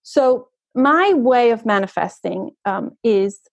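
A woman's voice: on the high side, expressive, slow pace, vocal fry, dry recording, highs cut off. A woman energy coach talking as a guest in an interview, flowing and earnest, often checking in with "right?". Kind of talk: conversational podcast interview.

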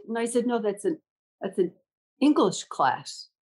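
Husky older woman telling stories. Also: fairly high pitch, moderate pace, poor audio. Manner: animated, acts out dialogue in anecdotes. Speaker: school leader. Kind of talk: reflective storytelling in conversation.

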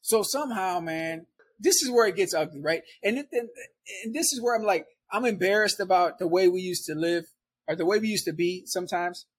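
A man's voice: high voice, fairly quick, slight background noise. A young man telling a story in a conversation, in a loose, rambling way full of "like" and "right?". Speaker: interview guest.

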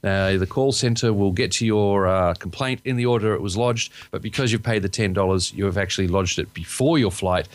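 Male co-host, low-pitched, wry and teasing, dry recording. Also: a little fast, few pauses, no echo. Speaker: podcast co-host. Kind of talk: casual chat.

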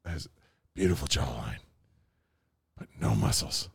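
A man co-hosting a podcast in casual, joking chat, animated and quick to slip into silly voices. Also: extremely low pitch, gravelly, slightly rough, no room sound, clean studio sound. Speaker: podcast co-host.

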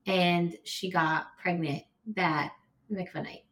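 An American woman with a slightly low voice talks through a personal story in a loose, unscripted way. She leans on "like" and breaks into loud, high bursts when she relives moments of anger. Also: fairly even intonation, slow pace. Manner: emotional, heavy use of "like", bursts of raised voice when retelling anger. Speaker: podcast guest. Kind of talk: candid conversational storytelling.

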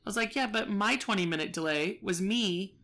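A woman's voice: medium pitch, a little fast, a bit bright. A woman telling a story in casual chat, profane and exasperated, acting out both sides.

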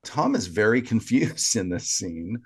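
A man's voice: fairly low pitch, big pitch swings, unhurried, husky. A man co-hosting a podcast, walking through an episode's plot step by step in a casual, conversational recap. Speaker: podcast co-host.

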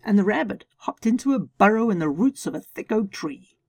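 A woman's voice: mid-range voice, animated, fairly quick, darkish tone. A woman hosting a family storytelling podcast, narrating and then chatting in a bubbly, upbeat way.

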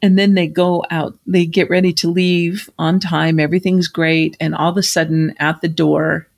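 A woman's voice: lowish voice, moderate pace, gravelly. A middle-aged woman, a life coach hosting a podcast, tells a personal story conversationally and acts out the people in it. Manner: animated, acts out quoted voices.

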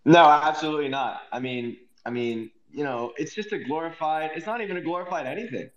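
A man's voice: fairly high pitch, fairly quick. A man chatting on a live audio stage, laid-back and joking. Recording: echoey, dull lo-fi mic.

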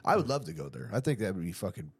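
A man hosting a podcast, laid-back and profane, asking questions and reacting quickly. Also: low voice, sing-song, husky, no room sound. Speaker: podcast host. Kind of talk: casual podcast chat.

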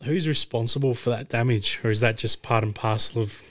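A man, hosting a casual podcast chat and asking questions in halting fragments. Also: medium pitch, fairly bright tone.

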